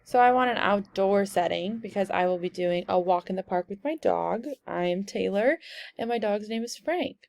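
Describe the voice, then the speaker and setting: A young woman walking through a software tutorial step by step in a casual, explaining way. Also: mid-range voice, normal speed, gravelly, dry recording. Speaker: instructor.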